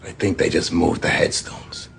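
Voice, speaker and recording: An actor playing a grave TV ghost hunter in a film, speaking slowly and deliberately. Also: male voice, soft background music, natural voice. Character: grave male TV ghost hunter, middle-aged, solemn.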